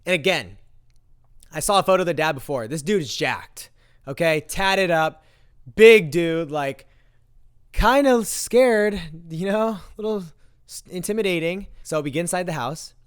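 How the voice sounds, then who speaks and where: A young man tells a story to his audience in a lively, casual way, jumping into the voices of the people he quotes. His voice sits a little high for a man and comes through smooth and clean. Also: unhurried. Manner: animated, acts out quoted lines. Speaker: vlogger. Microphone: handheld mic.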